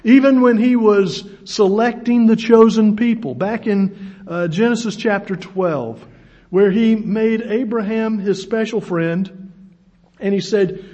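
A man's voice: high-pitched, slow, dark tone. A man, preaching a sermon in a folksy storytelling way, with self-deprecating humor. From United States. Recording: dull lo-fi recording.

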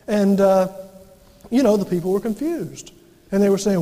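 A man's voice: high-pitched, normal speed, long pauses, warm tone, big-room sound. A male pastor preaching a sermon, reading scripture and then explaining it with emphatic delivery. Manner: emphatic preaching, acts out quoted voices.

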